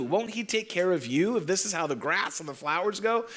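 A man preaching a sermon, telling stories and repeating phrases slowly for emphasis. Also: high-pitched, sing-song, a bit bright. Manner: storytelling preacher, leans on repetition and slows down for emphasis. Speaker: pastor.

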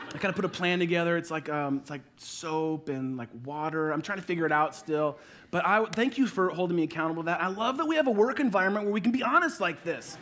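High-voiced man preaching a playful sermon. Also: expressive. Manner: playful, acts out little scenes with quick asides. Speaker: pastor.

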